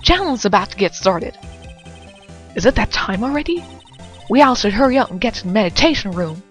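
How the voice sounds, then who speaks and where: Woman doing a loud Southern gal photographer. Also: mid-range voice, animated, a little fast, soft background music, close to an everyday voice. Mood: eager. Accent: Southern US, put on. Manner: loud, folksy, pushy. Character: brash, pushy young woman photographer with a twang.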